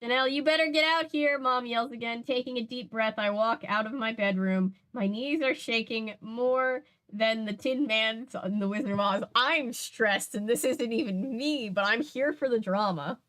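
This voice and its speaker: A woman's voice: on the high side, moderate pace, few pauses, fairly bright tone. A young woman reading a novel aloud, breaking in with sassy, laughing commentary. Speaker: channel host reading a book aloud.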